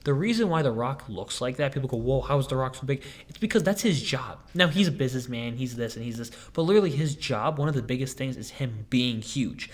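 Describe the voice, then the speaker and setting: A young man hosting a casual podcast, rambling through stories and acting out quotes in high voices. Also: lively intonation, quick pace, hardly any pauses. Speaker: podcast host.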